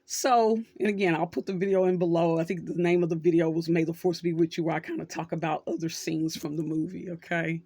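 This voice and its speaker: A woman's voice: fairly low pitch, fairly even intonation, a little fast, few pauses, dark tone, husky, no room sound. Middle-aged lady host just chatting, retelling a story, dry close sound. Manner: conversational, storytelling with acted quotes. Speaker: social worker and channel host. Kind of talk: casual talk to camera.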